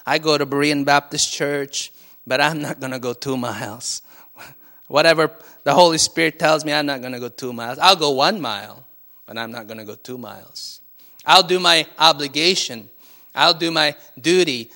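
A man voicing a reluctant, grumbling male merchant in a sermon story, speaking lower and quieter than his preaching voice. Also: moderate pace. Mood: stubborn.

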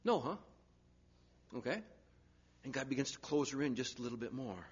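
A man preaching a sermon, swinging from loud urgent pleading down to hushed, near-whispered lines. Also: medium pitch, lively intonation, moderate pace, breathy edge, highs cut off.

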